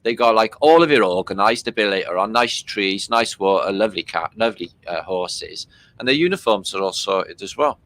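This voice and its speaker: Casual host, male, from Britain; bright tone, loose delivery, swears a lot. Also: fairly low pitch, animated, moderate pace. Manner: loose and chatty, swearing freely, many fillers. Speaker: host commenting on archive war footage. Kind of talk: casual running commentary.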